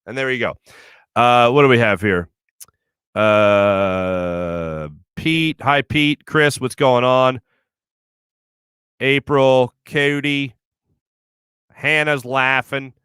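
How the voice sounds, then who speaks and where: A man's voice: mid-range voice, drawn-out words, long pauses, fairly bright tone, clear, resonant tone, dry recording, clean studio sound. A man in his thirties hosting a sports show, chatting loosely, laughing often and telling rambling stories. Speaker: sports radio host. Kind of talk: casual chat reading viewer comments. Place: studio.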